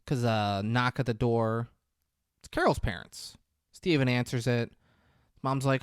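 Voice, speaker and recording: A man co-hosting a podcast, casually retelling movie scenes in an animated storytelling way. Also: mid-range voice, unhurried, smooth, no echo, studio quality. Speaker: podcast co-host.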